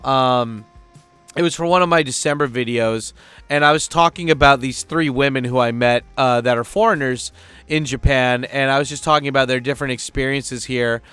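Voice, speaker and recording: A man's voice: mid-range voice, steady tone, moderate pace, fairly bright tone, clean tone, dry recording, soft background music. A man living abroad, telling a story in a casual vlog rant, rambling and swearing freely. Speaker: vlogger living in Japan.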